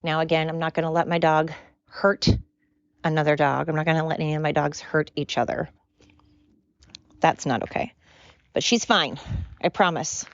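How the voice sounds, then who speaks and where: A woman's voice: sits low, no room sound, dull audio. A woman hosting her own podcast, rambling earnestly and repeating herself. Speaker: podcast host. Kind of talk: casual solo podcast rambling.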